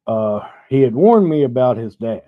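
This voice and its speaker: A middle-aged man hosts a live stream and spins a loose, profane yarn in an unhurried, rambling way. His voice sits in an ordinary middle pitch. The sound is dull and lo-fi, with a dry, close quality and no room echo. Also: sing-song. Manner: laid-back, profane, rambling storyteller. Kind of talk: casual storytelling chat over drinks.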